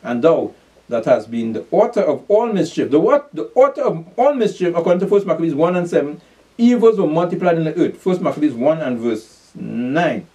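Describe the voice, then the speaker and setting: A man's voice: a little high, animated, fairly quick, warm tone. A man preaching a sermon, reading scripture aloud and drilling listeners with call-and-response questions and repeated commands to pay attention. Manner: repeats "pay attention" insistently, with brief chuckles. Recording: voice from far off the mic.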